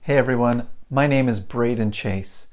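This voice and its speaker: Man, English teacher, chatty live pronunciation lesson, animated, greets viewers by name. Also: mid-range voice, normal speed. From United States.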